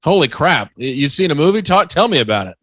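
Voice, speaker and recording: A man's voice: fairly high pitch, very animated, fast, fairly bright tone, no room sound. A man co-hosting a podcast over a video call, sarcastic and teasing his co-host. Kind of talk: casual chat.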